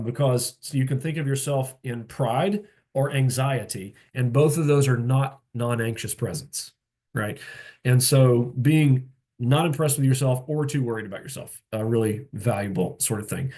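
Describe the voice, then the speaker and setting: A man who is a pastor, mentoring young pastors in a relaxed, conversational teaching talk full of fillers and asides, heard over a video call. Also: medium pitch. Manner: relaxed and plain-spoken, with frequent fillers and asides.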